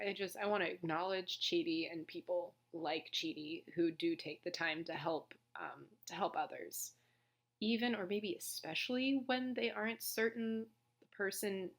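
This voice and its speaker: Low-pitched lady musing on a show, hesitant, keeps restarting, voice going hoarse. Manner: thoughtful, hesitant, restarts sentences. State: losing her voice. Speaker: story discussion channel host. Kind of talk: reflective casual commentary.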